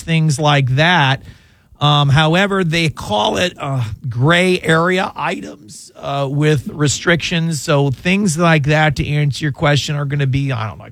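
A man hosting a talk radio call-in show as a criminal lawyer, hoarse from losing his voice, chatty and fond of quick jokes. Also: a little high, fairly bright tone, no echo. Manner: chatty and jokey, with quick asides. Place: radio studio. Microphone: studio microphone.

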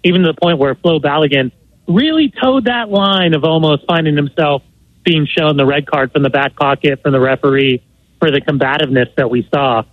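A man's voice: on the high side, a little fast, dry recording. A male soccer analyst talks through the match fluently and articulately. His slightly raised voice comes through a tinny, phone-like line with a dry sound. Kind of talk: sports analysis.

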